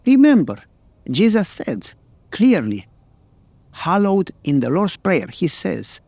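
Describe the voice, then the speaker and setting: Lively, earnest preaching man. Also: sits high, slow, creaky, long pauses, no echo. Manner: earnest storytelling, plain direct phrasing. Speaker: pastor. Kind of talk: sermon.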